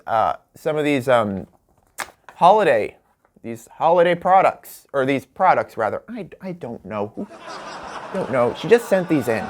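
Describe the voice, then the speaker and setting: A man hosting a comedic home-made late-night talk show, joking through product listings and laughing at his own bits. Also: fairly high pitch. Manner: jokey, laughs at his own bits, stretches words for emphasis. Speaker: host.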